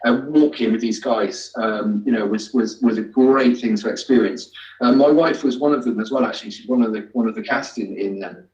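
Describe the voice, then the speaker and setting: Male guest, halting and hesitant, in an echoey room. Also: mid-range voice, a little mellow. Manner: halting, many fillers and restarts. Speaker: guest, amateur actor. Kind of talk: casual interview chat. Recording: echoey, distant, dull sound.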